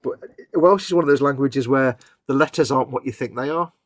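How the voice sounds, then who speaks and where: A man co-hosting a live stream in casual chat, chatty and quick to laugh, often trailing off into soft asides. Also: mid-range voice, slight background noise. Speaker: livestream co-host.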